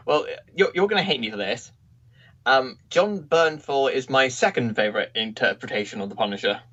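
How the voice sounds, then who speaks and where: A male podcast co-host talks in an easygoing, slightly hesitant way and laughs readily. His voice has an ordinary middle pitch for a man. The recording sounds dull and lo-fi. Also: animated, normal speed, a bit bright. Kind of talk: casual review chat.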